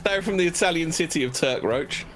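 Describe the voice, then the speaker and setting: A man's voice: fairly high pitch, a little fast, background noise. A man on a stream call, swearing freely, mocking others and laughing often in crude banter.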